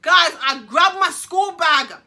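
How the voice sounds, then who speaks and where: A woman's voice: very high-pitched, takes it slowly, sharp tone. A young woman telling a dramatic storytime to her viewers, slangy and repeating phrases for emphasis. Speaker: vlogger. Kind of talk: storytime monologue to camera.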